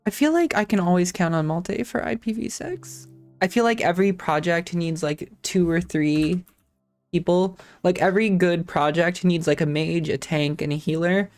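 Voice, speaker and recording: Gravelly-voiced woman rambling on a stream. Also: fairly low pitch, normal speed, a little mellow, faint music behind. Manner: thinks aloud, rambling with self-corrections; swears casually. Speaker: live-stream host. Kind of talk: casual live-stream tech talk.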